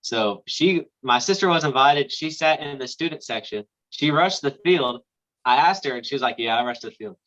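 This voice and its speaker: Brief: young male co-host, bright voice, joking, dull lo-fi recording. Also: fairly high pitch, lively intonation. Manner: joking, quick to laugh. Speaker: podcast co-host. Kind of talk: casual sports podcast chat. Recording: dull lo-fi sound.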